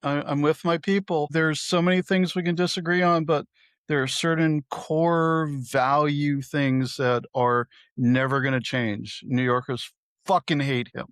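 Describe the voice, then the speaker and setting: A man's voice: on the high side, steady tone, a little slow, a bit bright, clear, resonant tone, no echo, studio quality. A man co-hosting a podcast, chatting casually and profanely about politics and telling stories with acted-out quotes. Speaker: podcast co-host.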